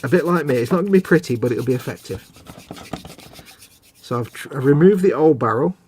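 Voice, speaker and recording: Describing his model-building work on a live stream, the host keeps up a chatty, self-deprecating commentary. He speaks a little fast in an expressive, medium-pitched, somewhat mellow voice, with slight background noise.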